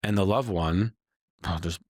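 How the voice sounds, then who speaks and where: Low-voiced man telling stories. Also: a little slow, slightly rough, no echo, studio quality. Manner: animated, acts out quoted dialogue. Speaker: host and business coach. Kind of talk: candid storytelling conversation.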